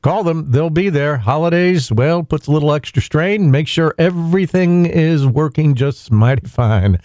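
Brisk male local radio host. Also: on the high side, lively intonation, darkish tone, no room sound. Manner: brisk, matter-of-fact announcing. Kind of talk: local morning radio hosting.

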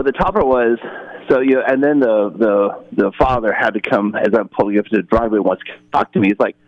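A man's voice: mid-range voice, no room sound. A male caller telling a rambling, exasperated story on a phone-in show, chuckling now and then. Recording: muffled phone line.

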